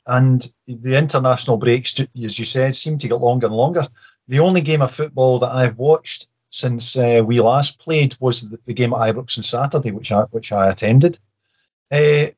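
A man, a guest on a football podcast, talking casually with dry humour and halting restarts. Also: mid-range voice, breathy edge, muffled recording.

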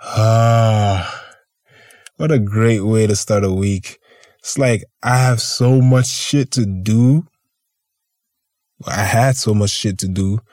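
A man's voice: fairly low pitch, dark tone, no echo, clean studio sound. A man hosting a podcast, telling stories in a loose, rambling way, swearing freely and laughing often. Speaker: podcast host. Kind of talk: casual storytelling chat.

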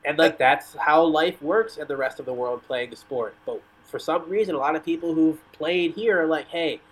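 A man's voice: fairly high pitch, moderate pace, husky, rough recording. A man talking casually as a guest on a soccer podcast, telling rambling stories full of "like" and "you know". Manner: rambling storyteller, lots of "like".

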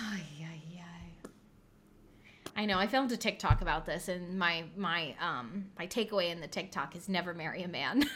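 A young woman co-hosting a casual podcast, telling a story with lively acted-out quotes and frequent laughter. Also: lowish voice, moderate pace, very noisy. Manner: animated storyteller, acts out quotes, laughs often. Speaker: podcast co-host.

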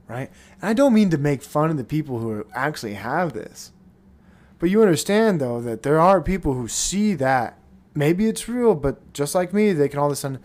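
Man, podcast host, casual rant, profane, rambling, slightly high-pitched. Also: sing-song, normal speed, darkish tone.

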